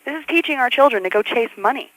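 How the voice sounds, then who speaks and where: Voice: high-pitched, lively intonation, quick pace, a bit bright, low-quality recording. An actor voicing a worried mother who calls a radio show and moralizes in a fretful way.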